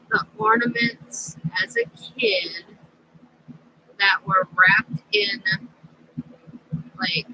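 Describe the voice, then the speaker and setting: A middle-aged woman chatting slowly as a craft vlogger, rambling with fillers. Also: high-pitched, gravelly, sharp tone, rough recording. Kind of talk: casual crafting chat.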